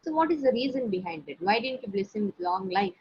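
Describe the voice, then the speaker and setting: A woman's voice: medium pitch, expressive, quick pace, husky. A woman voicing a worried middle-aged father who earnestly questions two sages, in a dull lo-fi recording. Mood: anxious, pleading.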